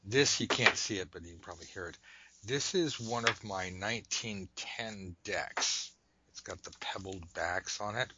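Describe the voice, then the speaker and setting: An adult man casually demonstrating a tarot card method at a table indoors, talking in a rambling, joking way with animated asides. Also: on the low side, normal speed, background noise. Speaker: tarot reader teaching a method.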